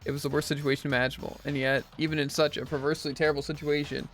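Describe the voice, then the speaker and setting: Male streamer: rapid reader, voice sits a bit high, voices all characters himself, quips between lines, faint game music under him. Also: level tone, fairly bright tone. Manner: reads every character's lines himself, with jokey asides. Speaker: streamer reading a visual novel aloud. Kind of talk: let's play, reading game dialogue aloud.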